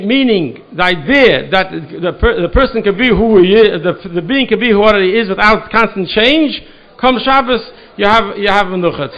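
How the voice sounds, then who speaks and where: High, bright-voiced rabbi teaching a class. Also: male voice, highs cut off. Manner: earnest, repeats words as he searches for them. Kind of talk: Torah study lecture. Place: synagogue study hall.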